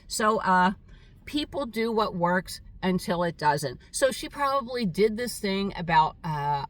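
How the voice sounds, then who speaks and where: A woman's voice: lowish voice, fairly bright tone, far from the mic. Older woman rambling, set back from mic. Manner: rambling, halting, many fillers. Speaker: vlogger. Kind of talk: casual storytelling monologue.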